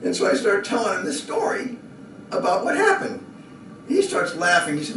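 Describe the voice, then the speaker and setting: Animated male storyteller in echoey room. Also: high-pitched, normal speed, a little hiss or hum. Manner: lively, building to excited shouting and laughter. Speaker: speaker. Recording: echoey room from a distant mic.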